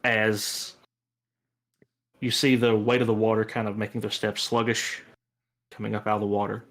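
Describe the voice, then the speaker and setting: A man's voice: lowish voice, normal speed. Man narrating a tabletop game as game master. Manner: relaxed, rambling description with fillers.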